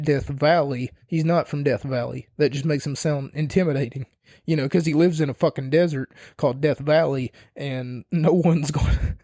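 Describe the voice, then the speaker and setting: A young man talks through a wrestling-style review in a loose, rambling way, opinionated and quick to swear. His voice sits a little high for a man yet sounds soft and mellow, recorded dry and close with no room around it. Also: no room sound. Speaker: podcast host. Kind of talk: casual wrestling review monologue.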